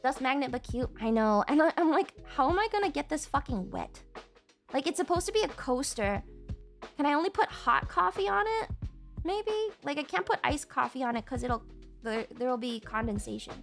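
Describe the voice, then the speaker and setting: A young woman streaming and chatting casually while crafting, animated and giggly, swearing casually. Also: high voice, a little fast, vocal fry, faint music behind. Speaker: VTuber streamer.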